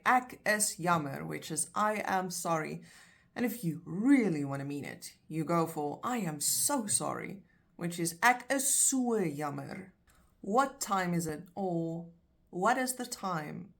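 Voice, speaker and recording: A woman's voice: fairly low pitch, a little slow. A South African woman teaching phrases in a casual, chatty language lesson, explaining with everyday examples. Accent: South African (Afrikaans).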